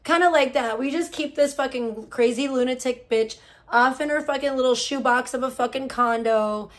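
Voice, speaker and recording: A woman's voice: sits high, moderate pace. A woman livestreamer in casual talk, profane and gossipy, venting at length about other streamers.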